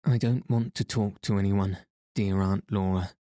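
A man's voice: deep voice, fairly even intonation, unhurried, warm tone, dry recording, studio quality. A man reading an earnest, dreamy young girl's lines in a plain, sincere tone.

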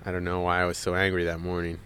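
A man with a very low voice tells a personal story for a radio show. He talks emphatically and keeps repeating words for effect. Faint street noise sits behind him. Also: monotone, quick pace, fairly bright tone.

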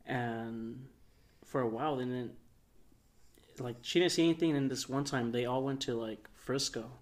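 A young man, a podcast co-host, telling a long story in a relaxed, rambling way, full of fillers. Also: medium pitch, normal speed. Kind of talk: casual storytelling.

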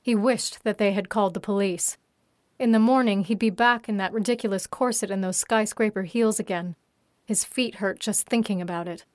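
A woman reads an audiobook in a steady, even voice. Her pitch sits in a medium range. The recording is dry and close. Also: normal speed, no room sound. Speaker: narrator. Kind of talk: audiobook narration.

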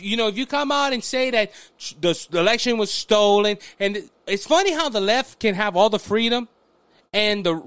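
A man with a Louisiana Southern accent hosting an opinion podcast monologue, animated and restless, often restarting his sentences. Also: high voice, dry recording. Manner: animated, restless, frequent restarts and mock voices. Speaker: podcast host.

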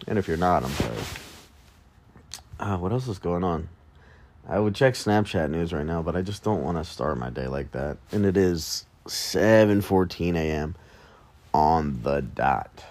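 A man's voice: low voice, lively intonation, a little slow, a little mellow, no room sound. A man hosting a solo podcast, rambling casually and mocking himself with jokey asides in the early morning. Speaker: podcast host.

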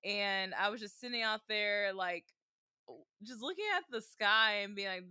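A woman's voice: medium pitch, normal speed, pushed and bright, smooth, no room sound, clean studio sound. A woman co-hosting a casual chat, telling a story with lots of "like" and loose, chatty phrasing. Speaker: podcast co-host, bride.

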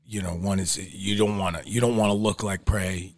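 A man from New York City in casual chat, talking in a relaxed, rambling way. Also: low-pitched, moderate pace, no room sound, clean studio sound.

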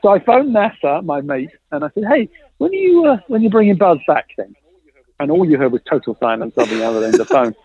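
A man's voice: on the high side, fast talker, slightly rough, no room sound. A man telling a long story in a chat, acting out the dialogue he quotes. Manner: lively, acts out quoted dialogue, laughs often. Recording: tinny phone-like line, dry.

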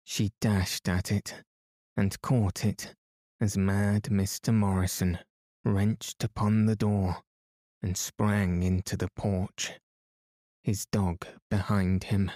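A man reading a story aloud to help listeners fall asleep, in a calm and soothing way. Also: lowish voice, no room sound, studio quality. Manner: slow, soothing, even. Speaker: sleep story narrator.

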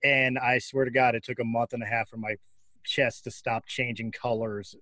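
A man's voice: mid-range voice, flat delivery, moderate pace, sharp tone, no room sound. Blunt storytelling man, dry sound. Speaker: interviewer, former wrestler. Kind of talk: casual conversation.

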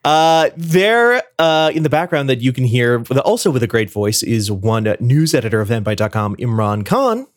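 A man's voice: medium pitch, expressive, normal speed, hardly any pauses, no room sound, clean studio sound. A man with an upper Midwest American accent co-hosting a casual podcast, talking in wry, rambling asides. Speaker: podcast co-host.

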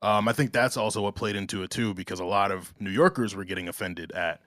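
A man's voice: on the low side, fast, a bit bright, no echo, studio quality. A man from New Jersey co-hosting a casual talk show, rambling with lots of "like" and restarts. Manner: conversational, filler-heavy with restarts. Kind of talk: casual chat.

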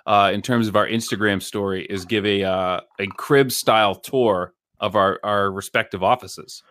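A man's voice: fairly low pitch, fairly even intonation, normal speed, fairly bright tone, no echo, clean studio sound. A man co-hosting a podcast, chatting in a laid-back, agreeable and drowsy way. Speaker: podcast co-host. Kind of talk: casual podcast chat. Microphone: studio microphone.

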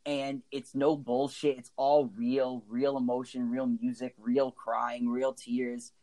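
A man's voice: medium pitch, level tone, slow, mellow, low-quality recording. A man co-hosting a casual music chat, talking enthusiastically and emotionally, with lots of likes and ums. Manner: enthusiastic, emotional, many fillers. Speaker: podcast co-host.

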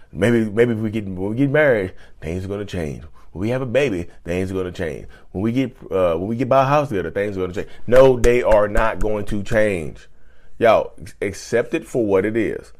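A man talks straight to camera in a low voice, blunt and emphatic. He hammers his points home with repetition and casual slang. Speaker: vlogger. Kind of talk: casual advice talk to camera.

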